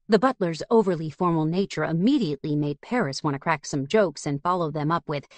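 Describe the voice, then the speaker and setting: A woman narrating a fantasy audiobook in a steady storytelling manner. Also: deep voice, fairly quick, hardly any pauses, no echo. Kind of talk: scripted narration.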